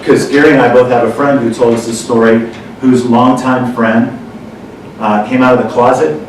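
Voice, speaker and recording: A man in casual conversation who rambles and corrects himself mid-thought. His voice sits in a middling pitch. He sounds far from the mic in a very echoey room with steady noise behind him. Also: normal speed. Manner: rambling, self-correcting, animated when quoting others. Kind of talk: casual storytelling chat.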